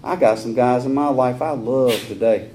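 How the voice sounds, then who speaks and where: A man in his forties with a Southern US accent, speaking at a recovery meeting in a folksy, rambling way with rough humor. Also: mid-range voice, fairly even intonation, normal speed, mellow, a little hiss or hum. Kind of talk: personal recovery talk.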